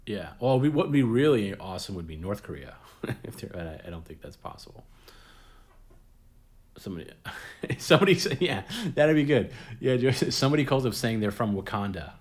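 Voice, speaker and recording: A man with a notably low voice hosts a casual late-night stream. He rambles, restarts his sentences and chuckles at his own jokes. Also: lively intonation, brisk. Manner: rambling, repeats words, laughs at own jokes. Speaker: host.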